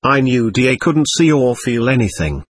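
Casting: a male audiobook narrator, husky, lively pitch, earnest memoir reading. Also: dry recording. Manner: earnest, measured storytelling.

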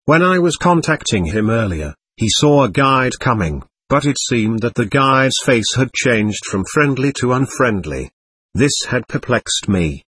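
Husky, expressive male audiobook narrator. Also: medium pitch, a little slow, no room sound. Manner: earnest, storytelling, reads dialogue aloud.

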